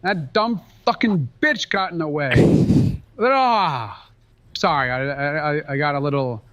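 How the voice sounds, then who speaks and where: A man's voice: fairly high pitch, slow, fairly bright tone, no room sound. Man doing a stammering, rambling old politician. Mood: grumbling. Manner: stammering, rambling, mixed-up words. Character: rambling elderly male politician impression. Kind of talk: comedic gameplay voice impression.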